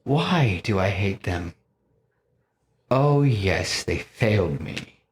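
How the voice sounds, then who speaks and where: A man voicing a grieving, vengeful male god-slayer, speaking slowly and quietly. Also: lowish voice, lively intonation, a little hiss or hum. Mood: brooding.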